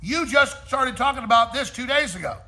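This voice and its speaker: A man with a high, gravelly, bright voice rants like a talk-show host. He mocks people in put-on voices and says the same thing over and over. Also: lively intonation, brisk. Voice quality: gravelly, mocking. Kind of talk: ranting talk-show commentary.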